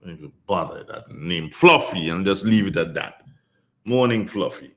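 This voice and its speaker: Animated Grenadian radio host. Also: male voice, low-pitched, moderate pace, creaky. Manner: animated, preachy, repeats phrases for emphasis. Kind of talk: radio talk show commentary.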